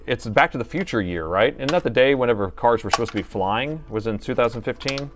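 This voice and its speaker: A man's voice: medium pitch, lively intonation, a little fast, hardly any pauses, soft background music. A middle-aged man hosting a live repair stream, chatting and thinking aloud as he works and joking with his viewers. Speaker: host and laptop repair technician.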